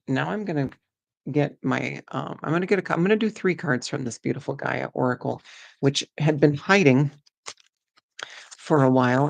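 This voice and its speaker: A woman with a gravelly, fry-edged voice talks her viewers through an oracle card reading in a loose, chatty way. She reassures them often and wanders between thoughts. The sound is close and dry, with no room in it. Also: very deep voice, dry recording.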